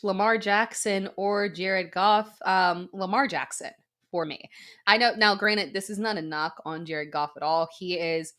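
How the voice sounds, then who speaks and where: A woman's voice: medium pitch, a bit bright. A woman hosting a live fantasy football Q&A, upbeat and thinking aloud with frequent fillers. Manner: upbeat, many "um" fillers, quick reasoning. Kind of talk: live-stream Q&A.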